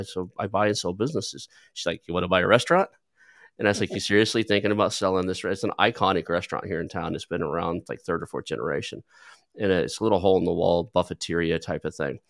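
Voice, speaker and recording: A deep-voiced, gravelly man who hosts a podcast about buying businesses tells rambling stories packed with filler words in a casual conversational interview. He talks fast, and the sound is clean studio audio with no echo.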